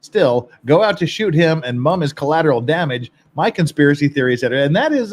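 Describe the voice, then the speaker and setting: A man's voice: fairly high pitch, expressive, fast talker, hardly any pauses. A man hosting a podcast, casually reading and reacting to viewer comments in a rambling, blunt way, with frequent swearing and laughter. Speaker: podcast host.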